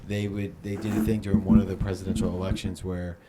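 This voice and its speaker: Low-voiced profane man, noisy recording. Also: flat delivery, fast. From South Jersey. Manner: loose, profane, storytelling. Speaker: podcast co-host. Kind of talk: casual podcast banter. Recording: noticeable background noise.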